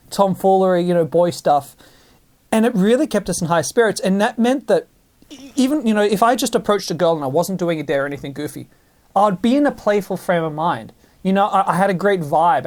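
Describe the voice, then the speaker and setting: A man, possibly, telling stories in a casual monologue, animated and full of restarts. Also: high voice. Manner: animated storytelling with many restarts.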